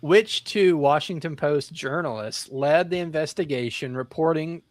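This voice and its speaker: A man's voice: on the high side, unhurried, no room sound. A man hosting a casual podcast quiz over a call, teasing the players between questions. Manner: joking, teasing. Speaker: quiz host.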